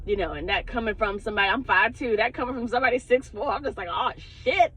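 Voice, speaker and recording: A woman's voice: fairly high pitch, racing, a bit bright, a little hiss or hum, rough recording. A woman who works as a spiritual advisor, telling a personal story in a casual vlog, candid and heavy on the cursing. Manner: profane, candid, laughs often.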